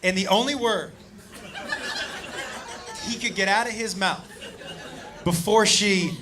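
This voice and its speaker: A man doing stand-up comedy, telling a story in an excitable, profane, animated way. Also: sits high, a little slow, music in the background. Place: comedy club stage. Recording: live club, loud crowd and noise. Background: audience laughter and noise.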